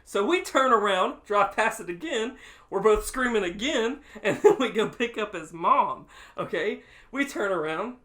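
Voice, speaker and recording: A man co-hosting a podcast, telling a story in casual chat, laughing often and acting out quotes loudly. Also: sits high, animated, unhurried. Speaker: podcast co-host.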